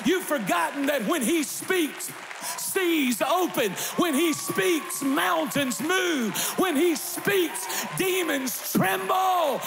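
A man preaches with fiery intensity, his voice sitting high and rising into shouts. He takes his time and lets phrases land slowly. His words ring through a big reverberant church hall with soft music underneath. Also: creaky. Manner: impassioned preaching, builds to shouts. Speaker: pastor. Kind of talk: sermon. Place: large church.

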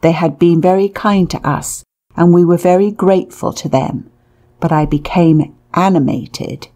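Slow, gravelly woman narrator. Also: lowish voice, dark tone. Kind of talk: audiobook narration of a memoir.

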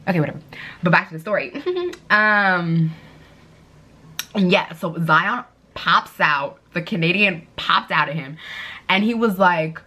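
A woman's voice: fairly low pitch, animated, moderate pace, pushed and bright, slight background noise. A young woman chatting casually while she does her makeup, telling stories in a bubbly way with lots of fillers. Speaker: beauty vlogger.

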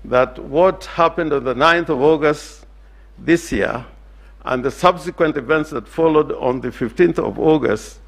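A Kenyan-accented man addresses the judges in a formal courtroom submission, speaking with deliberate emphasis and occasional hesitant restarts. His delivery is very slow and measured. His voice carries a gravelly edge. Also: fairly high pitch. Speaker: lawyer.

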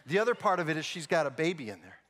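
A male pastor preaching a sermon in a large church sanctuary, telling stories with animation and dropping low and soft to drive home a point. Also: very animated, racing. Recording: long reverb in a big hall.

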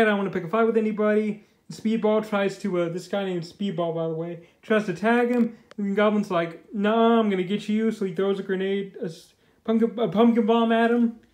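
A man's voice: high-pitched, a little mellow. A man casually reviewing a comic book, rambling loosely and filling his talk with "you know" and "like". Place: indoors. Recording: echoey room.

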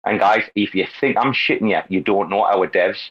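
A man hosting a crypto talk space, brash and excitable, swearing constantly in casual banter. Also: lowish voice, brisk, slightly rough. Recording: lo-fi online call audio.

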